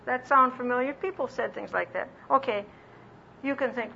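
A woman teaching a Bible lesson as a sermon, earnest and slowing down to stress key phrases, acting out little quoted voices with self-deprecating humor. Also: high voice, gravelly, bright, forceful tone. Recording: dull lo-fi recording with faint background hiss.

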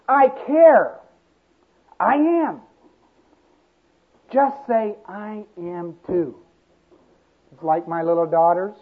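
A man preaching a sermon, slow and emphatic, with a repetitive preaching cadence. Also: sits high. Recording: tinny lo-fi sermon recording.

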